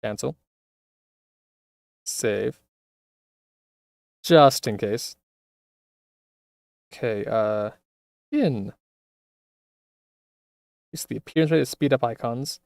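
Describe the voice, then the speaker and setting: Male game streamer, relaxed, thinking aloud, mid-pitched, dry close sound. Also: very slow, creaky, pauses often, no room sound. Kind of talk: casual let's-play commentary.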